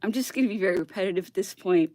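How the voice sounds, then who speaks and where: A woman's voice: mid-range voice, racing, mellow, no room sound, clean studio sound. A woman blogger on a casual, worked-up rant who keeps asking "okay?" and laughs between her points.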